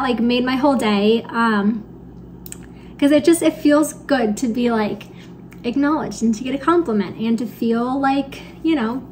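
A young woman teacher chatting excitedly in a casual vlog, with many "like"s. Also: high voice, a little hiss or hum. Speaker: teacher and vlogger.

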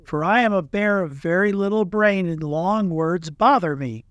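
A man voicing a gentle, simple-minded little male toy bear who speaks humbly and a bit wistfully. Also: sits high, moderate pace, dry recording. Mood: earnest.

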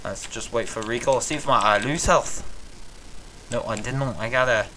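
A man's voice: mid-range voice, moderate pace, background noise. A young man hosting a casual gameplay commentary in a put-on British accent, rambling and swearing with frequent stammered restarts. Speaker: gaming channel host.

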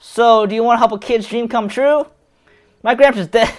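A man's voice: very high-pitched, normal speed, voice pushed up. A man voicing an eager young village boy who keeps asking questions. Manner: excited, pushy questions.

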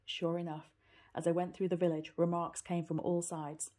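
A woman's voice: fairly low pitch, level tone, normal speed, dark tone. A woman reading a children's classic aloud, narrating steadily and evenly. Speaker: reader. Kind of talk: storybook reading.

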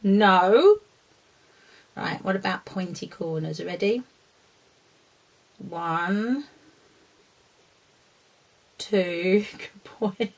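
A woman's voice: medium pitch, poor audio. A woman presenting a children's lesson, talking fondly to a puppet and the viewers. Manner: talks fondly to a puppet dog and the children, with laughs and scolding.

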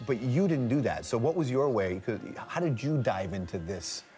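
A man's voice: mid-range voice, expressive, normal speed, warm tone, soft background music. A man hosting a talk show, asking playful, joking questions in a casual interview.

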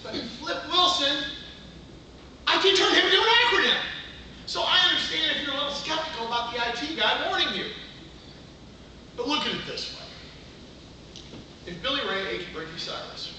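A middle-aged man giving a humorous contest speech with punchy comic timing and quick asides, to an audience in a large meeting room. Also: extremely high pitch, lively intonation, pushed and bright. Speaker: contest speaker. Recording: echoey room from far off. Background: audience laughter and room noise.

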